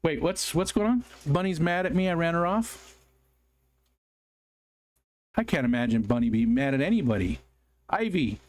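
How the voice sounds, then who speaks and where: Man, livestream host, casual chat with viewers, rambling, apologetic, fairly high voice. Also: lively intonation, normal speed, long pauses. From United States. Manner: chatty, apologetic, rambling with frequent ums and restarts.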